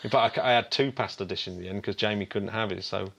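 A man's voice: on the low side, fast, vocal fry, a bit bright, highs cut off, slight background noise. A man co-hosting a podcast in casual chat, enthusiastic, with many stammered restarts. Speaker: podcast co-host.

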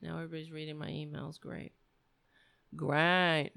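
A woman's voice: sits low, flat delivery, normal speed, gravelly, a bit bright, dry recording. A woman hosting a livestream, ranting angrily with profanity and self-mockery. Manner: angry, profane, self-mocking. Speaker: livestream host. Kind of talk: ranting commentary.

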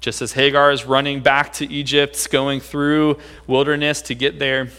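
A man's voice: mid-range voice, flat delivery, normal speed, pushed and bright, clean tone, in a large hall. A man preaching a sermon in a conversational way, often checking in with his listeners by asking "right?". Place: church hall.

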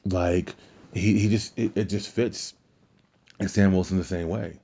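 A man with a deep, dark voice hosts a solo podcast, rambling casually through his thoughts. He restarts his sentences often and leans on filler words. The recording sounds dull and lo-fi. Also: fairly even intonation, measured pace, vocal fry, husky. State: tired, fighting yawns. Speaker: podcast host.

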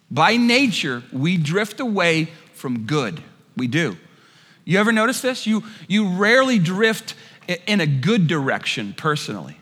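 Brief: animated male pastor, high bright voice, storytelling sermon in a reverberant church. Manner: animated storyteller, acts out quotes with shouts. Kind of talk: sermon with a humorous personal story. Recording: long hall reverb.

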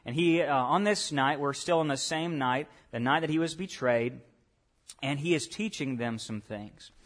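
A male pastor with a fairly high voice preaches to his church congregation at a normal speed. He puts direct questions to them and swings between quiet asides and loud, emphatic points.

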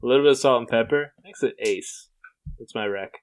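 A man's voice: medium pitch, fairly quick. Joking young man bantering on a podcast. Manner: joking, laughs often, tries out silly voices. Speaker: podcast co-host. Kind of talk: casual banter, improvising a story.

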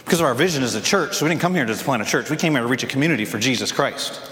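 A man preaching a sermon as pastor, telling a story in an animated way and acting out the lines. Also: mid-range voice, very fast. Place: church sanctuary. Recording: echoey church hall.

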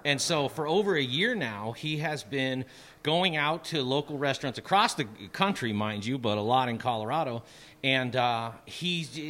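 A man's voice: on the high side, a bit bright. Eager man telling a story on a talk show. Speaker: show co-host. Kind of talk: casual studio chat.

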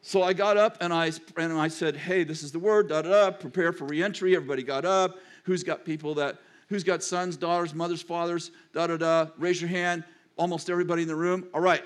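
An older male pastor delivers a sermon as if telling stories to friends, wandering into side notes and back again. His voice sits a little higher than most men's. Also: fairly even intonation, a little fast, a bit bright. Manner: storytelling, chatty, digressive.

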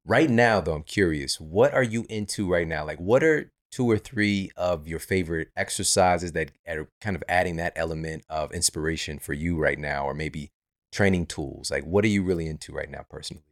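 A man hosting a podcast interview, asking curious questions in a relaxed, affirming way. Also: low voice, a little fast, dry recording, clean studio sound. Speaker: podcast host.

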